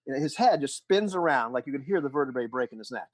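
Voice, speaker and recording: A man's voice: mid-range voice, lively intonation, fast talker, dry recording, rough recording. A man running a tabletop game as game master, narrating in a rambling way with many restarts. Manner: rambling, full of restarts and "you know".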